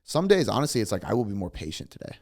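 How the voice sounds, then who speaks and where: Fast-talking gravelly man. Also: fairly low pitch. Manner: fast, swearing, animated storytelling. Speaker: fitness coach, guest. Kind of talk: casual podcast conversation.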